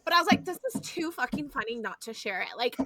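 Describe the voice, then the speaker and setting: A woman, hosting a podcast and telling stories in a lively, foul-mouthed, chatty way. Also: a little high, fast, no echo. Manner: animated storyteller, swears freely, addresses listeners as y'all. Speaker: podcast host. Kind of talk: casual chat.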